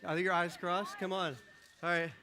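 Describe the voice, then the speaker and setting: A high, bright-toned man leads a sermon from a church stage with an upbeat, joking manner. He calls volunteers up, counts them in, and then turns to his message. His voice carries through a stage microphone. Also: little pitch movement, normal speed. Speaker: pastor. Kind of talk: lively sermon with audience participation. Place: church stage before a congregation.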